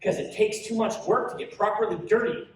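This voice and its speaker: A man's voice: sits high, fairly even intonation, fairly quick, recorded from a distance, pitched above the performer's own voice, natural voice. A man voicing a scrappy, mischievous eleven-year-old boy with a joking, slangy drawl, read aloud at a convention panel. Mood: cheeky. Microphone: audience recorder in front row. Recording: roomy hall recorded from audience.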